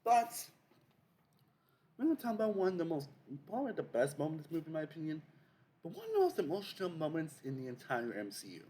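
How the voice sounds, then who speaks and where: A man's voice: on the high side, huge pitch swings, fast, warm tone. A young man hosting a casual video essay, rambling with many fillers and restarts.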